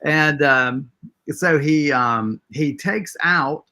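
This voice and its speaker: Male game master, slow-paced, hesitant, lots of fillers, narrating a tabletop game. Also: on the high side, sharp tone. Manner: hesitant, many filler words.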